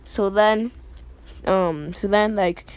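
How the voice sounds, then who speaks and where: A woman's voice: medium pitch, takes it slowly, clear, resonant tone. A woman improvising a fan story, rambling, heavy with fillers and restarts.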